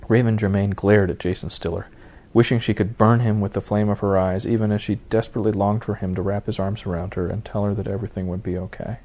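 A man reading a novel aloud as its narrator, in steady storytelling. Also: fairly low pitch, quick pace, hardly any pauses. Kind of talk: audiobook narration.

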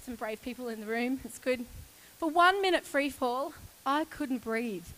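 A woman in her forties telling a lively personal story in a sermon, laughing often. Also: sits high, measured pace, poor audio. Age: 40s. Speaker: church speaker.

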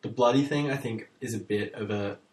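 Brief: young Aussie bloke, lowish voice, chatty and halting, recorded off-mic in a roomy space. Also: male voice, distant mic, a crowd in the background. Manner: hesitant, lots of fillers. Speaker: co-host discussing ad ideas. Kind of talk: casual chat.

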